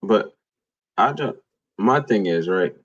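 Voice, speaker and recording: Male co-host, deep husky voice, relaxed listener. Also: slow pace, lo-fi sound. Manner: laid-back, reacts with short comments and laughs. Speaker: podcast co-host. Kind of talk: casual chat.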